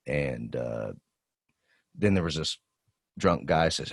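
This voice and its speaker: A man's voice: very deep voice, measured pace, pauses often, no echo, clean studio sound. A man in his forties, a podcast co-host, telling a long profane story in casual chat. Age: 40s. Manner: profane, rambling storytelling with animated quoted voices.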